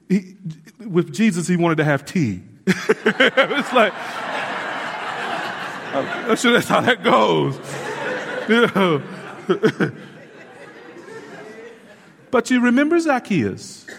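A man preaching a sermon as pastor, lively and casual with asides and laughs to the congregation. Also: high voice, slow pace, vocal fry, long pauses, some chatter behind. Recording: hall reverb.

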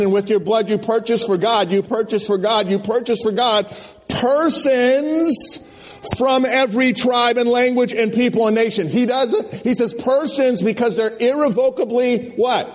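A man preaching a sermon at a conference, animated and folksy, firing questions at the crowd. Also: high-pitched. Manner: animated, call-and-response questions, folksy slang. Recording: long hall reverb.

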